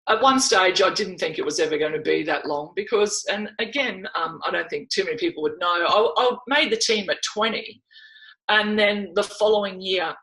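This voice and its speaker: Lively Australian woman telling stories. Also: on the low side, low-quality recording. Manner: lively storyteller, laughs often, acts out quotes. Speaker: guest, former netball player. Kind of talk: podcast interview storytelling.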